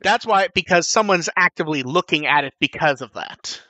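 A man hosting a podcast in casual chat, rambling and animated, swearing casually. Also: a little high, brisk, no room sound. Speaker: podcast host.

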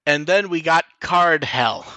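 A man hosts a podcast in relaxed, rambling chat, peppering his sentences with fillers and restarts. His voice sits a little high and sounds bright and tense. The recording is dry and close, with no room sound. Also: measured pace, no echo. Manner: rambling, frequent 'like' and restarts, swears casually. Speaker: podcast host. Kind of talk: casual chat.

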